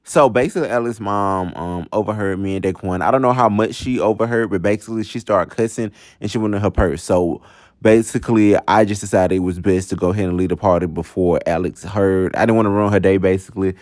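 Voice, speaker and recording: A man's voice: low voice, quick pace, darkish tone, no room sound, studio quality. A young man vlogger telling a personal story in a chatty, casual way, often talking straight to viewers. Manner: chatty, repeats fillers, talks to viewers.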